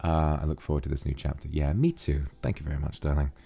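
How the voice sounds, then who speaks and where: A man's voice: rumbling low, little pitch movement, fast talker, warm tone, slightly rough. A man chatting casually on a livestream, reading viewer donations and calling them darling. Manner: affectionate, calls viewers darling.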